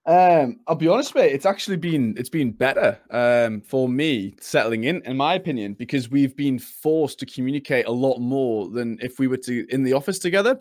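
A man's voice: mid-range voice, a little mellow, dry recording, clean studio sound. A young man, chatting casually on a podcast, rambling and laughing often as he tells stories. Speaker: podcast co-host. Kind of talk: casual chat.

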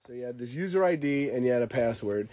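A man's voice: mid-range voice, animated, fast talker, darkish tone. A man chatting casually, telling anecdotes, mimicking other people's voices and sound effects, laughing often. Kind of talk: casual storytelling chat.

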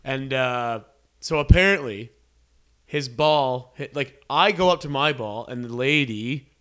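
A man's voice: mid-range voice, a little slow, a bit bright, clean tone. A man co-hosting a podcast, telling a rambling, profanity-laced story in casual chat. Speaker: podcast co-host.

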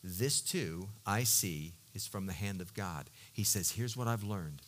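A middle-aged male pastor preaching a sermon, swinging from loud emphatic peaks to quiet, low storytelling, with halting restarts as he searches for words. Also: lively intonation.

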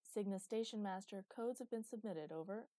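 A gentle father pilots a ship and talks over the radio in a calm, steady way, as a woman narrator puts him on. Her voice stays dark and mellow, and the recording is dry and close. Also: medium pitch, normal speed, dry recording, natural voice.

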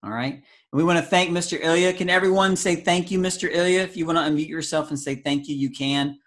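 A man's voice: on the high side, steady tone, fast talker, fairly bright tone. A man leading a children's ministry video call, talking in a playful, goofy way and reacting with easy amazement. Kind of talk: casual video call with kids.

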